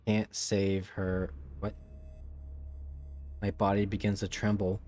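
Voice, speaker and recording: A man's voice: fairly low pitch, completely flat delivery, slow, darkish tone, slight background noise. A man streaming a game, making casual, wry, sometimes profane comments and reading the story text aloud with drama.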